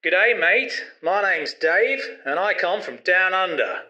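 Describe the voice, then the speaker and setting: This is a cheeky talking accent machine, voiced by a man. It answers in cheerful, exaggerated regional accents with a slightly raised pitch. A clear hiss of noise runs under the voice. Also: animated, slow. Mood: playful.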